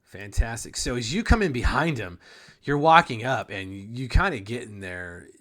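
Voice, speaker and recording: A man's voice: medium pitch, animated, moderate pace, fairly bright tone. A man narrating a tabletop game as game master, rambling casually, swearing and trailing off mid-sentence.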